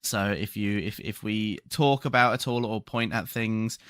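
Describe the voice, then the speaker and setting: A man's voice: on the low side, steady tone, a little slow, a bit bright, clear, resonant tone, no room sound. A young man chatting casually as a podcast co-host, recording remotely from home. His talk rambles and doubles back on itself, with a yawny, sleepy edge. The sound is close and dry, with little room in it. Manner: rambling, repeats himself, sleepy. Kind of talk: casual chat.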